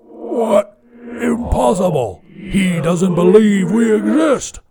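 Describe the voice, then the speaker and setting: A man voicing a huge, hot-tempered male demon lord who roars his words in a drawn-out, layered demonic voice. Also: high-pitched, lively intonation, over a noisy crowd, voice pushed up, exaggerated voice. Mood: raging. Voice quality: gravelly, slow drawl. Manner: roaring, drawn-out.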